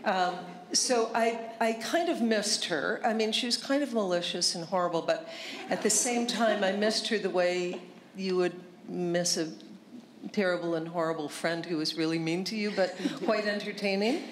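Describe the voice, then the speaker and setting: A woman's voice: medium pitch, moderate pace. A woman novelist on a panel, telling stories in a wry, self-mocking way. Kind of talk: casual panel talk. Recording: echoey hall, audience noise.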